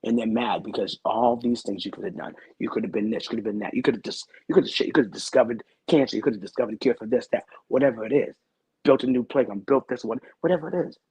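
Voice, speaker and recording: Husky-voiced man telling an earnest story. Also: medium pitch, fast, darkish tone, no room sound, poor audio. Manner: rambling, repeats phrases, earnest and intense. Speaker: guest. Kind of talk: telling a personal story in a talk-show interview.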